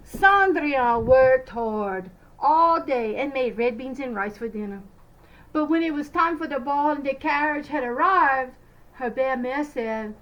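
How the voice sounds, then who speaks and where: A woman teacher reading a picture book aloud to children, expressive and sometimes stumbling over French words. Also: sits high, measured pace, low-quality recording.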